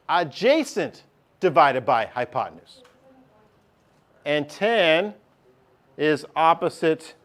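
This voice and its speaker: A man's voice: fairly high pitch, a bit bright. A male teacher, giving a chatty classroom lesson and often checking in with his class.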